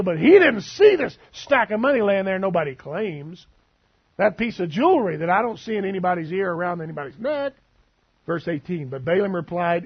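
Man, preacher, sermon, teasing, questions the room, husky, dull lo-fi recording. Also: high-pitched, expressive, normal speed.

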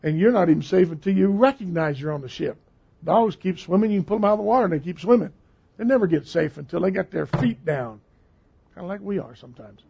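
A man's voice: sits high, expressive, fast, vocal fry, warm tone, breathy edge. An older man preaching a sermon with emphatic, repeated phrases. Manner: emphatic, repeating key words. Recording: dull lo-fi sound.

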